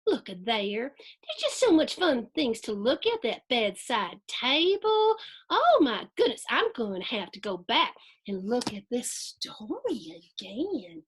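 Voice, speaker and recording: A woman hosting a storybook reading for children, animated and sing-song, chatting with her young listeners between pages. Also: fairly high pitch, a little slow, slightly rough. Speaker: host reading a picture book to children. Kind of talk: storybook read-aloud for kids.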